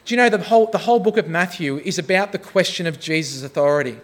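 Humorous pastor preaching. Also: male voice, sits high, fast talker. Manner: humorous, self-deprecating storytelling. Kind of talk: sermon.

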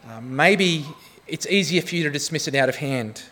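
A man preaching a sermon with a slightly higher voice than most men. He tells self-deprecating stories with a humorous touch, then turns to earnest appeals to his listeners. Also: lively intonation, moderate pace, pushed and bright. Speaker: pastor.

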